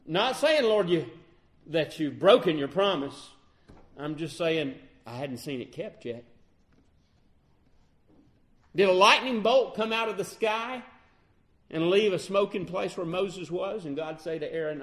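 A man's voice: fairly high pitch, very animated, normal speed. A man preaching a sermon, acting out the pleas of Bible figures as he goes. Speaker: pastor.

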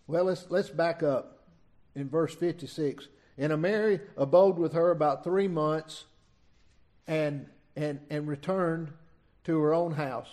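Man, folksy preacher, slightly high voice, halting delivery. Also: a little mellow. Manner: folksy, halting, many restarts and asides. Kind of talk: informal sermon with scripture reading.

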